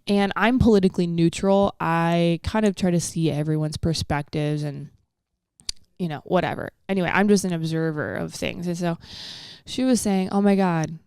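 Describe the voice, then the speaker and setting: Low, gravelly woman guest rambling along. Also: steady tone, moderate pace, darkish tone, dry recording. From American South. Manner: rambling, searching for words. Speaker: guest, actress. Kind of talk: casual chat.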